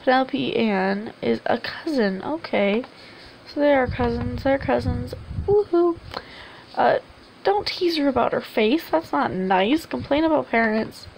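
A woman with a high voice and a noticeable gravelly fry chats through her gameplay in a loose, rambling way, urging the characters on as she goes. Faint hiss sits under her desk-mic recording. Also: expressive, measured pace, darkish tone, rough recording. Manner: chatty, rambling, coaxing game characters aloud. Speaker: gameplay video host. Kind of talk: casual let's-play commentary.

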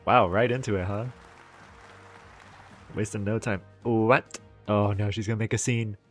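A man's voice: fairly low pitch, fairly even intonation, measured pace, soft background music, some chatter behind. A man streaming a video game, with casual, joking, profane commentary. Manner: joking, swears, laughs often.

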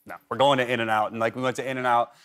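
A man's voice: medium pitch, little pitch movement, fast, a bit bright. Talk show guest, man, 30s, rambling anecdotes, casual TV studio chat. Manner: rambling storyteller, heavy on "like" and restarts.

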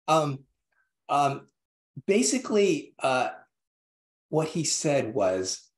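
A man, a guest in an interview, telling a story in a halting way with many restarts and fillers. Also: on the high side, sing-song, roomy sound. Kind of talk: interview conversation.

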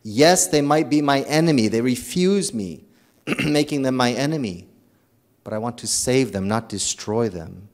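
A priest delivers a sermon in an earnest, storytelling manner. He is a man of average pitch who stumbles into restarts and repeats words as he works through his thoughts. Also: a little slow. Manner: earnest, animated storytelling with acted quotes.

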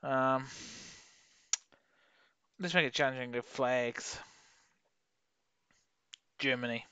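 A young man giving rambling, sweary commentary while playing a geography game, with sudden excited outbursts. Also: medium pitch, slow pace, clean tone, no echo, highs cut off. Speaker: gaming YouTuber. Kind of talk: casual gameplay commentary.

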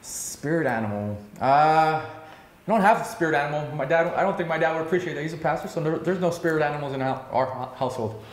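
A man in his thirties answering rapid-fire questions, upbeat and emphatic, with frequent filler sounds. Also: a little high, reverberant. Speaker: real estate broker interviewee.

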